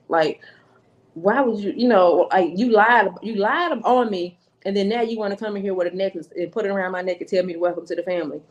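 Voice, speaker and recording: Podcast guest, woman, animated storyteller, acts out quoted lines, mid pitch. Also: fast talker. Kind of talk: storytelling, casual chat.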